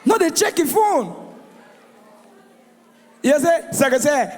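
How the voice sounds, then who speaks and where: A man with a Nigerian accent doing a stand-up comedy routine, animated and shouting his punchlines while acting out the voices in his jokes. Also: very high voice, slow, pauses often. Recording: live venue with long reverb.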